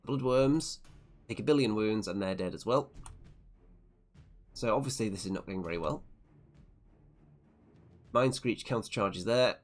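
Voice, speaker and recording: A man with a somewhat low voice talks through a tabletop wargame battle report, move by move. His manner is wry and self-deprecating as he sums up each turn. Soft music plays faintly underneath. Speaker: tabletop wargame channel host. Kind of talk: narrated tournament battle report.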